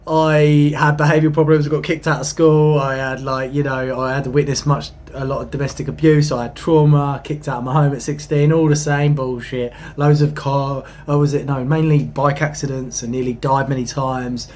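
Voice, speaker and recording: A young man, rambling excitedly about spiritual matters, swinging from hushed asides to emphatic bursts and swearing casually. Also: medium pitch, moderate pace, few pauses, slight background noise. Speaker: spiritual channel host.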